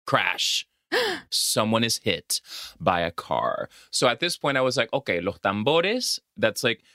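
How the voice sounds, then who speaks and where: Man w/ dominican-american accent recapping a movie, voice all over the place, bright, close dry mic. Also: mid-range voice, unhurried, no room sound. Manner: animated storytelling, switching between English and Spanish. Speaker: podcast co-host. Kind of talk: casual movie recap chat.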